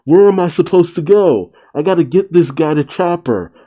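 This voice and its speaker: A man reading aloud as a gruff, stressed male shipwright carrying a wounded friend. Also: a little high, expressive, normal speed, phone-quality sound, pitched above the performer's own voice. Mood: worried.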